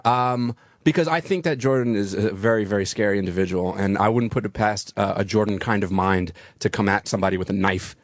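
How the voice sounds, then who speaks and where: A man's voice: lowish voice, fairly even intonation, fairly quick, dry recording, clean studio sound. A man co-hosting a talk radio show, rambling and joking, tripping over his words. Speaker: radio co-host. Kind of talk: casual talk radio banter.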